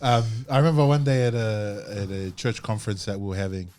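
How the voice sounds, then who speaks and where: A man's voice: on the low side, fast, darkish tone. A man hosting a podcast, chatting casually with many fillers and laughs as he tells a story. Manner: rambling, laughing, full of fillers. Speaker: podcast host. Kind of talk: casual chat. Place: podcast studio.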